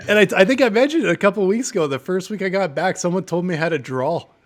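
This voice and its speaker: A man's voice: high voice, expressive, quick pace, noisy background. A man from Canada with a Canadian accent, co-hosting a podcast in easygoing casual chat, laughing often. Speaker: podcast co-host.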